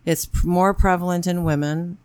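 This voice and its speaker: A blunt woman in her forties chats frankly on a podcast and swears without a second thought. Her voice is smooth and resonant, recorded dry and close. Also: lowish voice, steady tone, normal speed, a little mellow, no room sound. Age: 40s. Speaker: podcast co-host. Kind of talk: casual chat.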